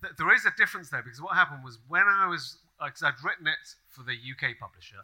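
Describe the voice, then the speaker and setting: A man speaks on a live festival stage, with a very bright, forward tone. He tells his stories with animation, playing out every side of the exchange as he goes. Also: fairly high pitch, quick pace, poor audio. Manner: animated storyteller who acts out quoted exchanges. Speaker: crime author on a festival panel. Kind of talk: live panel chat.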